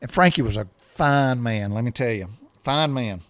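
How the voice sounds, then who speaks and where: A man's voice: mid-range voice, moderate pace, no room sound. A man in his sixties telling a personal story in a folksy, rambling way, often repeating himself.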